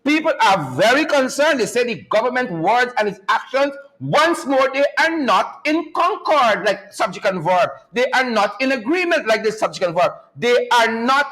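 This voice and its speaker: High-voiced animated man. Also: normal speed, few pauses, rough recording. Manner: animated, mocking, preacher-like cadence, laughs often. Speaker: talk show host. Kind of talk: live-stream commentary.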